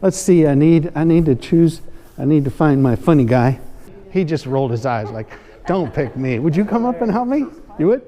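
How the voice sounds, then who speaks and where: A man's voice: fairly high pitch, lively intonation, dark tone, lo-fi sound. A man performing as a comedy magician, teasing and joking with audience volunteers on stage. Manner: playful, teasing, quick asides. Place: stage before a live audience. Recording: hall reverb, faint room noise.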